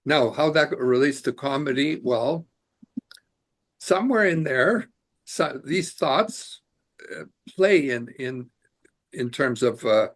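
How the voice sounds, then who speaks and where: A man's voice: medium pitch, expressive, slow, long pauses. A man as a podcast guest, talking earnestly in casual conversation and searching for his words as he goes. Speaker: guest, immigration attorney.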